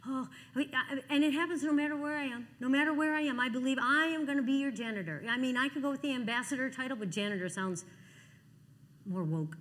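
A woman in her sixties giving a lively testimony sermon, acting out the people in her stories. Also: high voice, fast, big-room sound. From Cleveland. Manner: animated storytelling, acting out dialogue. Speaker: Christian speaker.

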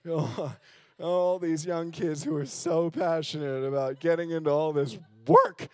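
A man's voice: expressive, measured pace, dry recording. Candid, self-mocking preacher man. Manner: swings between loud emphasis and low hushed lines. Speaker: guest preacher. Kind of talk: sermon. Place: church sanctuary.

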